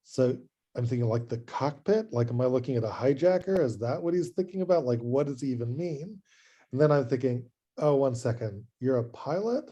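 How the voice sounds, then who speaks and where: A rabbi gives an adult education lecture over a video call, telling a story in a chatty, animated way and often restarting his sentences. His voice is mid-range and brisk, and the sound quality is lo-fi.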